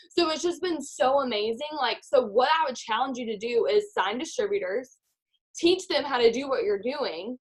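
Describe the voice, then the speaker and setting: Young woman, team leader on a video call; chatty, filler-heavy, slightly high pitch. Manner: chatty, fast, lots of "like", animated retelling. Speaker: team leader in direct sales. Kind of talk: motivational talk on a video call.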